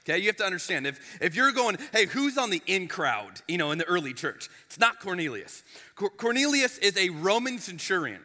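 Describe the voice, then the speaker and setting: Bright, high-voiced pastor in a reverberant hall. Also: male voice, brisk. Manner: animated, chatty, with frequent restarts and asides. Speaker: lead pastor. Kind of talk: conversational sermon storytelling. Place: church sanctuary. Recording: long reverb of a large hall.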